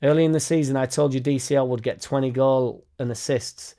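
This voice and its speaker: A man's voice: medium pitch, steady tone, brisk, dark tone. A young man chats casually on a live stream. He talks bluntly and swears freely, rambling from one point to the next. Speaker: football fan channel host.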